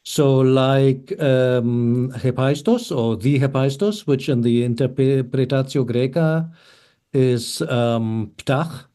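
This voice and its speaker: A man as a student in an online class, working through a translation slowly and tentatively, asking questions over a video call. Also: mid-range voice, mellow. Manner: slow, tentative, asks questions.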